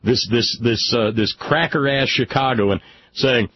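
Male radio host, heated and halting, mid pitch, slightly muffled broadcast audio with light hiss. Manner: stammering, restarts often, heated. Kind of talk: casual political talk radio chat. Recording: slightly dull radio audio with faint noise.

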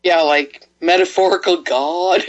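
A woman's voice: fairly low pitch, steady tone, measured pace, muffled recording. A female co-host in casual chat, wisecracking and laughing easily.

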